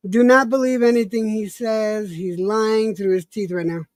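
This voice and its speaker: A man's voice: high voice, fairly even intonation, normal speed, dry recording. A man hosting a casual stream chat, joking and laughing, with profane banter.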